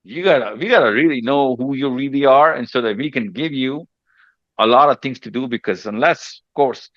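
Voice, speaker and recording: A man's voice: medium pitch, fairly quick, a bit bright, no echo, muffled recording. A man hosting a casual group chat with teenagers, teasing and reassuring them and often repeating himself. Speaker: mentor hosting a session with teenagers.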